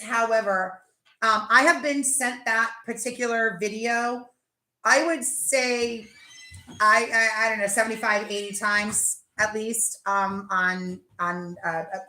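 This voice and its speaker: A woman hosting a casual live chat, talking fast and laughing as she tells stories. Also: on the high side, pushed and bright, roomy sound. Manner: chatty, laughing, tells stories with acted-out quotes. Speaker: livestream host.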